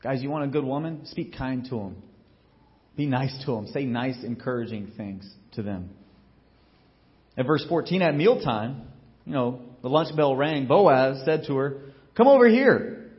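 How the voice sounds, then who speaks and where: Animated pastor preaching with lo-fi sound. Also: male voice, mid-range voice, a little slow. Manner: animated storytelling, acts out quotes with big swings in loudness; casual and joking asides. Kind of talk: sermon.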